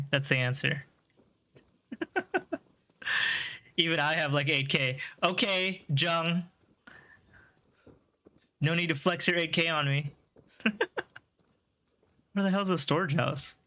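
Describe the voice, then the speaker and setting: A man live-streams a video game, his voice a little high with a steady tone, slow and often pausing, pushed and bright. He chats casually, joking, swearing, laughing a lot and teasing chat as he plays.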